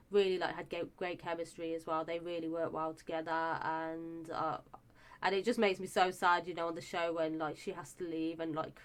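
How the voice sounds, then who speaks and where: Gushing woman, slightly low voice. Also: clear, resonant tone. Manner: chatty and gushing, many fillers and restarts. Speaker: show reviewer. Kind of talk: casual review chat.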